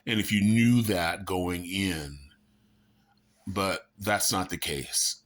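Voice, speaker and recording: A man's voice: low-pitched, slow pace. Man musing in his living room. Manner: conversational, animated bursts of emphasis. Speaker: vlogger. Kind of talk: casual monologue to camera.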